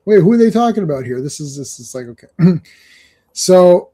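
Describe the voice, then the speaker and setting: A man hosting a casual comics chat, rambling and excited, laughing often as he talks. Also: high-pitched, normal speed. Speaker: podcast host.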